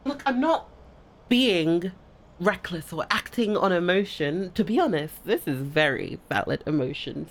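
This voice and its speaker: Slow-talking woman in a flustered audio role-play. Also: on the low side, expressive. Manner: swears a lot, stammers and restarts when flustered; often drops to a hushed whisper.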